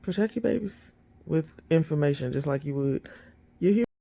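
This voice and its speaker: A woman's voice: sits low, expressive, normal speed, vocal fry, warm tone. A woman vlogging casual dog-training advice to her phone in a blunt, emphatic, plainspoken way. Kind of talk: casual talk to camera.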